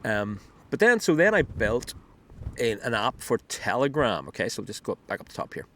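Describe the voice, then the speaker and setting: A man's voice: mid-range voice, big pitch swings, normal speed, fairly bright tone, a little hiss or hum. A man casually demoing an app he built, rambling with many ums and restarts, recorded outdoors on a beach with a clip-on mic. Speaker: app builder demoing his work. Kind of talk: casual screen demo talk. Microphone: wireless clip-on mic.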